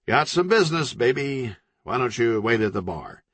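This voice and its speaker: A man's voice: medium pitch, very animated, moderate pace, a bit bright, breathy edge, no room sound. A man voicing a smarmy, self-satisfied male celebrity businessman with a glib, oily way of talking.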